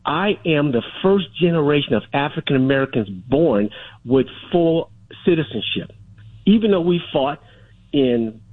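A man's voice: on the high side, lively intonation, moderate pace, no echo. A middle-aged man calling a radio show, arguing insistently and holding his ground over interruptions. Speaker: caller. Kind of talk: radio call-in talk. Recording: phone line.

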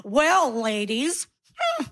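Comic woman putting on a slow smarmy older man hitting on ladies, drawling. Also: sits high, huge pitch swings, a bit bright, heavily acted.

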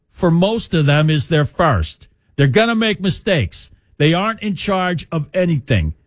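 A man's voice: fairly high pitch, dry recording, studio quality, pitched above the performer's own voice, full character voice. A radio host putting on an exaggerated Massachusetts accent to read out a fed-up male ice cream shop owner's scolding post. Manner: loud, scolding, brash.

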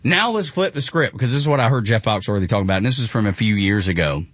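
Excitable jokey male radio host. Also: on the low side, very fast, no room sound, lo-fi sound. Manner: excitable, jokey, laughs often. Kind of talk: morning radio talk.

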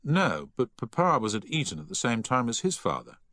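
A man's voice: medium pitch, huge pitch swings, fairly quick, bright, forceful tone, dry recording, clean studio sound, pitched above the performer's own voice. A man doing a teasing, well-bred schoolboy.

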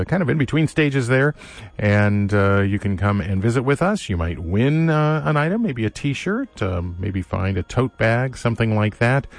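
A male public radio host reading station announcements and chatting in a relaxed, halting way with many fillers, from a studio. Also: lowish voice. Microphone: studio microphone.

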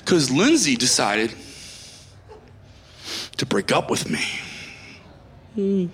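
A man's voice: mid-range voice, sing-song, takes it slowly, fairly bright tone, slight background noise. A man doing stand-up, telling a story in a profane, exasperated rant. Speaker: comedian. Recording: roomy echo.

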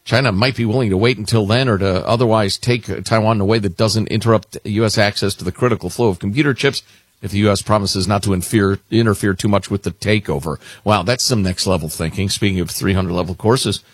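Wry radio co-host man, husky voice. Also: lowish voice, fast, dry recording. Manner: wry, conversational, reads emails aloud with emphasis. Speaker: radio talk show co-host. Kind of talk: casual radio talk, reading listener emails. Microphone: studio microphone.

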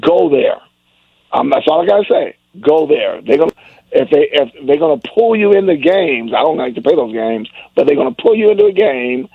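Older man radio host, husky and gravelly. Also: lively intonation, normal speed, no echo. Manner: emphatic, preachy, wide swings in pitch. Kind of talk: call-in radio talk. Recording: dry, phone-like radio sound.

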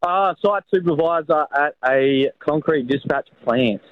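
A man's voice: on the high side, unhurried, no echo, muffled recording. A man with an Australian accent calling into a radio show, laid-back and self-mocking. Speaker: caller. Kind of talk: casual call-in chat.

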